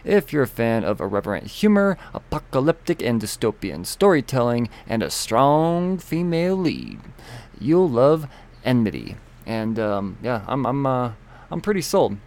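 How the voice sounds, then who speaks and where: A man's voice: medium pitch, big pitch swings, normal speed, a little mellow. Rambling, jokey podcast host man. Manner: rambling, self-interrupting, jokey. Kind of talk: casual podcast reads and intro.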